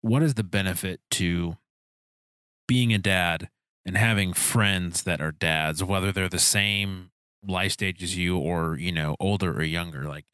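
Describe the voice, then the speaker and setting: A man's voice: sits low, fairly even intonation, a little slow, fairly bright tone, clear, resonant tone, no echo. A man hosting a podcast, asking long, rambling, searching questions in a casual chat. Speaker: podcast host. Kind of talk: casual conversational interview.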